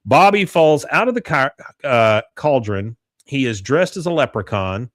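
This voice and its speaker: A man's voice: mid-range voice, sing-song, a little slow, dry recording. Dry-sounding man retelling a TV episode. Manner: retells scenes, acting out lines in brief voices. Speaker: podcast co-host. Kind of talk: casual recap of a TV episode.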